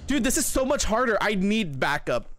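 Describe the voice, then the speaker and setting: A man's voice: sits high, normal speed, no echo. A man streaming a horror game, talking to his chat and shrieking whenever something scares him. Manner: excitable, shrieks when scared. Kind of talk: live gameplay commentary.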